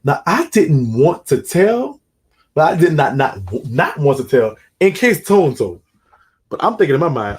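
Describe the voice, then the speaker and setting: Man, casual storytelling, rambling, slangy, lively intonation. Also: a little high, measured pace. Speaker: storyteller recounting his own prison experiences.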